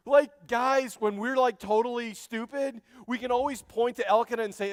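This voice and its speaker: A man preaching a sermon as pastor, animated and joking, speaking straight to his congregation in a church. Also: very high-pitched, slow, few pauses, no echo, long reverb tail. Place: church sanctuary.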